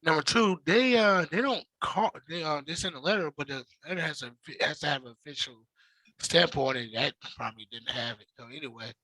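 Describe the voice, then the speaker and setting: A man's voice: a little high, fairly quick, sharp tone, no room sound, low-quality recording. A man from Texas chatting casually, laying out his points one by one with emphasis. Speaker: podcast co-host. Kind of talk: casual chat.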